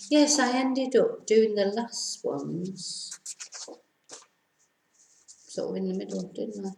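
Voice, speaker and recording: A woman's voice: on the high side, lively intonation, slow, creaky, long pauses, roomy sound, a little hiss or hum, poor audio. A woman teaching a Spanish pronunciation lesson, spelling words out letter by letter and correcting herself as she goes. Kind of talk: language lesson.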